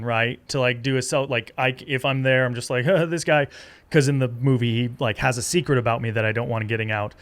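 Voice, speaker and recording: A middle-aged man chatting casually as a guest, telling lively stories and slipping into character voices. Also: clear, resonant tone. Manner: animated storytelling, jumps into high-pitched character voices. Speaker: guest, comedic actor. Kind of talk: casual chat.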